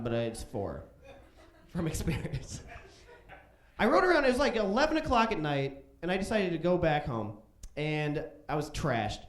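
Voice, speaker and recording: A man in his thirties from Chicago doing stand-up comedy on a club stage, telling profane stories and jumping into loud voices for quotes. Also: on the high side. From Chicago, USA. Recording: roomy club stage echo.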